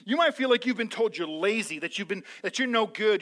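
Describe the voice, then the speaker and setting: A male pastor preaching a sermon to his church, swinging between loud fervent passages and soft, joking, conversational asides. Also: high voice, expressive, fairly quick, few pauses.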